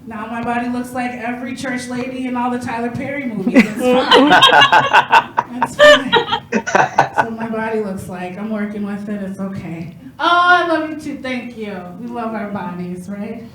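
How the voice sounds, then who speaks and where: Female stand-up comic in her 30s, high voice, self-mocking and chatty, laughs along, roomy echo. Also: normal speed, few pauses, background noise. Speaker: stand-up comedian. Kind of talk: stand-up comedy set.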